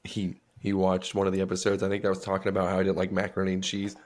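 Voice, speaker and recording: A man co-hosting a podcast in casual chat, telling animated stories with lots of swearing and bursts of laughter. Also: sits low, rapid-fire, slight background noise. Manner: animated storytelling, heavy swearing, loud laughing outbursts. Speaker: podcast co-host.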